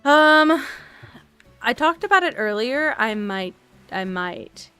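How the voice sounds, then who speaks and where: A tired woman streamer chatting casually and softly while she plays a game, rambling and thinking aloud as she goes. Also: a little high, lively intonation, slow, clear, resonant tone, soft background music. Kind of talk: relaxed casual chat while playing a game.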